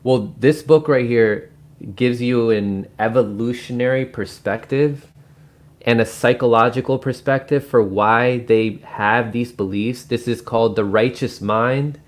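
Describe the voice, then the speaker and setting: A man's voice: medium pitch, fairly even intonation, unhurried. A man hosting his own channel, recommending and explaining a book in a loose, casual way with lots of fillers and restarts. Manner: rambling, many fillers and restarts. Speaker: book review host. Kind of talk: casual spoken book review.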